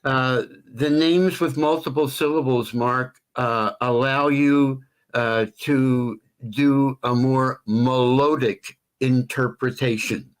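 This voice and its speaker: An older man, a longtime stadium announcer, talking in a measured way as a guest on a sports talk show, stretching names into melodic calls. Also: mid-range voice, fairly even intonation, clear, resonant tone. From Philadelphia area.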